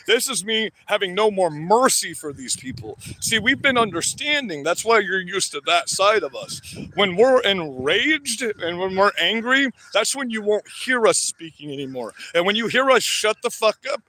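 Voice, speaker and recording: High-voiced man, confrontational vlog rant, profane and mocking, faint noise behind. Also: pushed and bright. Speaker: political vlogger. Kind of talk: angry direct-to-camera rant.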